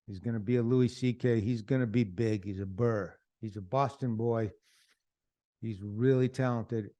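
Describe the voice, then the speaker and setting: A man's voice: fairly low pitch, steady tone, normal speed, dark tone, muffled recording. A man hosting a podcast, enthusiastically plugging comedy specials. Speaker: podcast host. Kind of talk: podcast promo segment.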